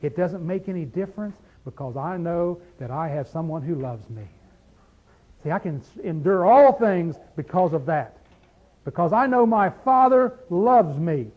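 A man preaching a sermon, swinging between loud emphatic peaks and low quiet asides, full of rhetorical questions. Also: lively intonation, unhurried. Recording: dull lo-fi sound.

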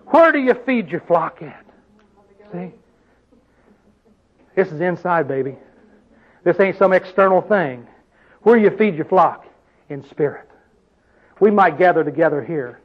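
A man's voice: sits high, lively intonation, unhurried, long pauses, muffled recording. A man preaching a sermon to his congregation in a church hall, with a preacherly manner full of exclamations. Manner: preacherly, call-and-response exclamations. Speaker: pastor.

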